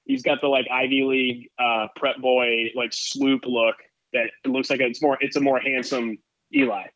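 A man's voice: medium pitch, steady tone, normal speed, fairly bright tone, no echo, lo-fi sound. A man co-hosting a podcast, talking football in a loose, rambling way. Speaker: podcast co-host. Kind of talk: casual sports chat.

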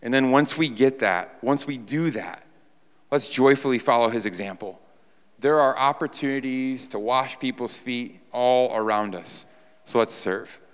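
A man from New York preaching a sermon to a congregation, emphatic, repeating his phrases and asking rhetorical questions. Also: medium pitch. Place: church sanctuary before a congregation. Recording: long reverb of a large hall.

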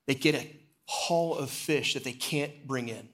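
A man preaching a sermon in a church sanctuary, telling the story in an easy, conversational way. His pitch sits mid-range for a man. At the solemn parts he sinks lower and quieter. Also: a little slow. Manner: storytelling, drops low and quiet for solemn moments. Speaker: executive pastor.

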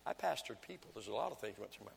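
A man's voice: on the low side, sing-song, rapid-fire, gravelly, big-room sound, slight background noise. An older man, an evangelist, preaching a folksy sermon full of home stories and asides. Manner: folksy storytelling, acts out his wife's lines. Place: church sanctuary.

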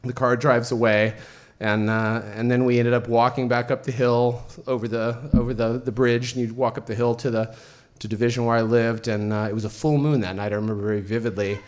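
Male storyteller, mid-pitched, rambling and profane, casual live telling. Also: flat delivery, fairly quick. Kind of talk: personal story told to an audience.

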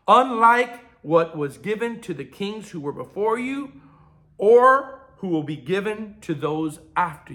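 A man preaching a sermon as pastor, swinging between loud emphatic bursts and quiet asides. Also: high voice.

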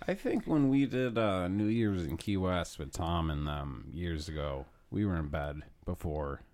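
A man's voice: sits low, unhurried, darkish tone, no room sound. A man hosting a casual chat, rambling and joking with plenty of swearing. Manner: crude, jokey, rambling.

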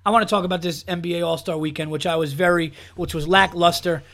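A man's voice: fairly high pitch, steady tone, fast, fairly bright tone. A man hosting a comedy podcast, telling stories in a casual chat and laughing to tears as he restarts lines with "so then". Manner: storytelling, repeats "so then" while laughing. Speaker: podcast host.

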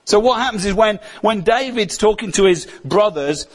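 A man preaching a sermon, his voice sitting a little higher than most men's. He talks to the congregation as if chatting, often tagging on questions like "isn't it?" to draw them in. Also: lively intonation, moderate pace. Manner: conversational, rhetorical questions to the congregation.

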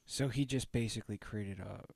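A man's voice: fairly low pitch, moderate pace, gravelly, a little mellow, husky, no room sound. A man co-hosting a casual podcast, tossing out crude joking asides. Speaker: podcast co-host.

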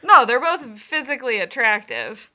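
A woman chatting casually about a cartoon episode, blunt and quick with short interjections and the odd swear. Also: fairly high pitch, big pitch swings, sharp tone. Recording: dull lo-fi sound.

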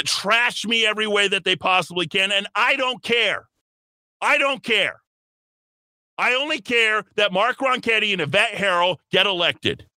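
A man's voice: sits high, bright, forceful tone, no echo. A man hosting a political talk radio show, delivering a combative, emphatic monologue with a mocking edge.

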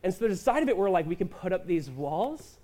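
Male pastor, mid-high voice, relaxed conversational sermon delivery with voiced-out quotes. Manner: conversational preaching with quick asides and acted-out quotes.

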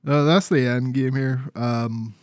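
A man's voice: medium pitch, fairly even intonation, takes it slowly, no echo, clean studio sound. A Scottish man co-hosting a podcast, rambling casually with fillers and the odd swear. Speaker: podcast co-host. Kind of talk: casual chat.

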